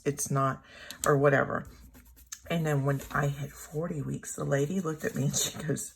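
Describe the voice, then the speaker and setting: A woman in her thirties telling a personal story at home in a rambling, halting way, often correcting herself. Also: low voice, fairly even intonation, vocal fry, husky. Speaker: planner vlogger. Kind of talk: casual storytelling while journaling. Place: home room.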